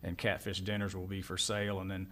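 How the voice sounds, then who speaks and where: Man, low voice, little pitch variation, commissioner, brisk announcements. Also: completely flat delivery, sharp tone. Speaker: county commissioner. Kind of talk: meeting announcements.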